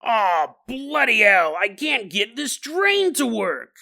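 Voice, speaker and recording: A man's voice: high-pitched, big pitch swings, takes it slowly, vocal fry, bright, forceful tone, voice pushed up, exaggerated voice. A man voicing a grumbling stereotypical British man who is fed up with a broken drain, in a put-on British accent. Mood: exasperated.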